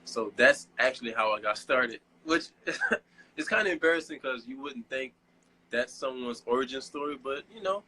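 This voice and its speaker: A young man being interviewed as a guest model, telling stories in a casual, animated way and laughing often. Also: mid-range voice, normal speed, breathy edge, rough recording. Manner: giddy, laughing, animated storytelling.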